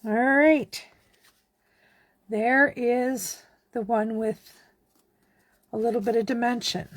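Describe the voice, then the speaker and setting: Slow, chatty woman crafting. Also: fairly high pitch, no echo. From Canada. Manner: chatty, relaxed, talks while working. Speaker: card-making demonstrator. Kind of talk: casual craft tutorial.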